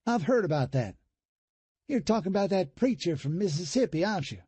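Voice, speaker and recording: A man playing a wary young male survivor, his voice pushed higher than the narration and slightly husky. He asks pointed, doubtful questions, dry and close. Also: very animated, a little fast, dark tone, no room sound, heavily acted. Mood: probing.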